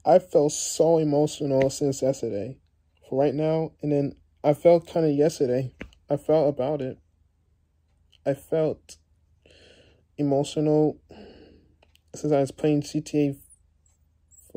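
A young man vlogging to his viewers, tearful and halting, repeating words and restarting often. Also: fairly high pitch, fairly even intonation, dark tone. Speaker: YouTuber. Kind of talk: emotional vlog talk to viewers.

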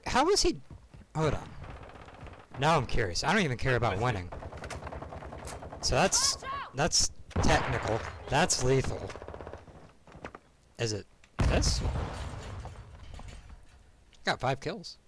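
Young male gamer, casual and foul-mouthed, lively pitch, prone to sudden loud outbursts. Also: measured pace, pauses often, a little hiss or hum. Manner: profane, excitable, frequent loud outbursts. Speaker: game streamer. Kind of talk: casual live-stream commentary.

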